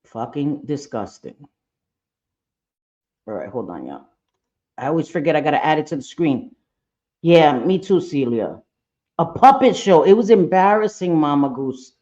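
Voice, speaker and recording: A woman's voice: deep voice, very animated, unhurried, long pauses, mellow, lo-fi sound. Blunt, foul-mouthed woman streaming live. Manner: blunt, profane, talks straight to chat. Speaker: livestream commentator. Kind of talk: casual livestream reaction chat.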